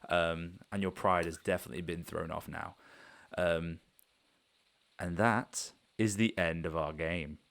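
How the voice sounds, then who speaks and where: Low-voiced man narrating a tabletop game. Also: fairly even intonation, unhurried, vocal fry, fairly bright tone. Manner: rambling, loose, with many fillers. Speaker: game master.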